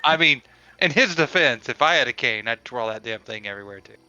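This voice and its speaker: A man's voice: mid-range voice, lively intonation, fairly quick, bright, forceful tone, muffled recording. A man playing in a tabletop game, asking questions and joking casually. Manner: inquisitive, joking. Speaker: player.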